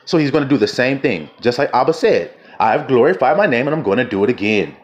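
A man preaching a fervent sermon, reading scripture slowly and firing questions at his listeners. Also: mid-range voice, lively intonation, dull audio. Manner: fervent, questioning the audience, drawn-out quotes.

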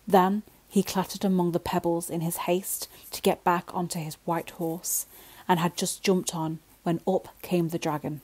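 A woman telling a bedtime story in a gentle, slow way that sometimes drops to a whisper. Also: on the low side, rough recording.

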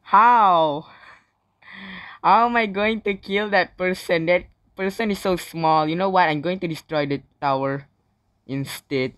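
Man, gaming commentary, non-native English, swears and screams a lot, bright tense tone, dry close sound. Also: high voice, moderate pace, clean tone, no echo. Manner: yells and swears in bursts between calm remarks. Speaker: gaming channel host.

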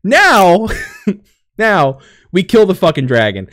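A man's voice: sits high, huge pitch swings, slow, a bit bright. A young man on a gaming podcast recapping a story in casual chat, rambling, swearing and laughing often, and a little out of breath. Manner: rambling, profane, laughing often, acts out characters.

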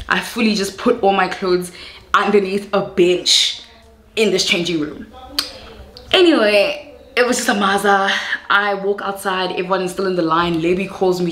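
A woman of 21 with a South African accent, Zulu her first language, telling an animated vlog story that switches into Zulu phrases. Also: mid-range voice, echoey room. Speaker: YouTuber.

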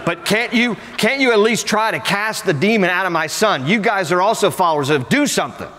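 A man's voice: on the high side, fast, sharp tone. A man voicing a desperate father who pleads with disciples to heal his son. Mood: pleading. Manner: pleading, pushy. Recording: echoey church hall.

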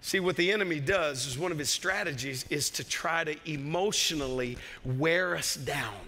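A man's voice: a little high, moderate pace, sharp tone. A male pastor with a Southern US accent preaching an impassioned sermon, with joking asides and bursts of raised voice. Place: church sanctuary. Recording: long church hall reverb.

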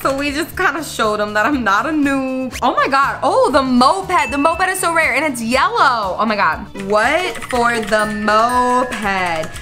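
Female gaming host, high and very lively voice, excitable, squealy, chats to camera, music bed under her. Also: measured pace, hardly any pauses. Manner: bubbly, squealing and gasping reactions, talks straight to the viewers. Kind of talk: excited game-play commentary to viewers. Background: background music.

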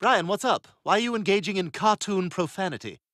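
An actor voicing a sly, lecherous cartoon man who makes wry, deadpan asides. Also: sits high, brisk, no echo, clean studio sound.

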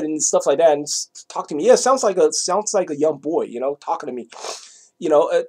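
A man's voice: on the high side, lively intonation, brisk, slightly rough. A man telling a personal story in a casual monologue, rambling and repeating himself, with many "you know" asides. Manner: swings between loud bursts and quiet asides.

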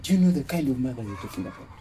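An actor playing an abusive, domineering husband in a short film, harsh and commanding. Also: male voice, medium pitch, sing-song, racing, natural voice. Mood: furious. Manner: harsh, commanding, shouting threats. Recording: faint music behind.

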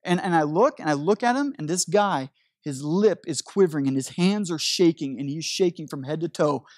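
A man's voice: on the high side, expressive, normal speed, dry recording, clean studio sound. A man preaching a sermon as a pastor, telling a story animatedly with frequent restarts.

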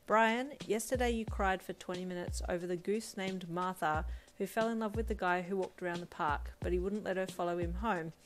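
A dry, unflappable uncle, as a woman reader puts him on, delivering everything flat and deadpan. Her voice sits low for a woman, with faint lo-fi drums behind. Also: normal speed, hardly any pauses, lightly acted. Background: faint lo-fi drum music.

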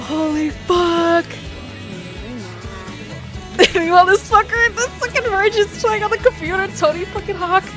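A woman giving excitable, foul-mouthed commentary on a life-sim game, squealing and shouting at what happens. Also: extremely high pitch, unhurried, long pauses, over music. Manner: excitable, swears a lot, squeals and shouts in bursts. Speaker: gamer.

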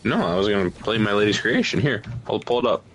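A man's voice: lowish voice, lively intonation, fast talker, fairly bright tone, a little hiss or hum. A man in casual joking chat with a friend, slipping into silly voices.

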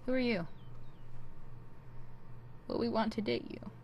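A woman's voice: a little high, a little slow, long pauses, darkish tone, slight background noise. A young woman commenting on her game in a casual, joking way. She is sarcastic, swears freely and keeps slipping into silly put-on accents. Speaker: gameplay commentator. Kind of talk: casual let's-play commentary.

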